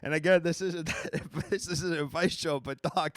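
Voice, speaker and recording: A man's voice: a little high, steady tone, moderate pace, no echo, studio quality. A man hosting a live call-in stream, chatting casually with callers and making jokey, mock-indignant outbursts.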